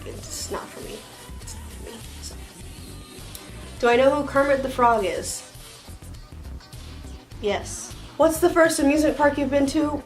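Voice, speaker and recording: A young Floridian woman chats her way through a list of questions, tossing in fillers as she rambles. Her voice sits a little high. Soft music plays faintly behind her. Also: poor audio. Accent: Floridian American. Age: young adult. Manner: chatty and rambling, many "like" and "um" fillers. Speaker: vlogger. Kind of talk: casual tag-video chat.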